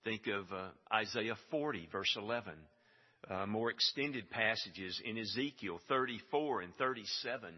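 Husky-voiced man preaching in a hall. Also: lowish voice, moderate pace. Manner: emphatic, builds to stressed repeated phrases. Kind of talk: sermon. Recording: dull sound with long hall reverb.

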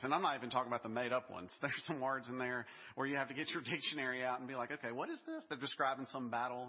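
A male pastor delivers a sermon in a relaxed, storytelling manner, mixing in laughs and asides. His voice is slightly husky and sits at an ordinary pitch. The recording is a little dull, with the long reverb of a large hall. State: briefly choked up with emotion.

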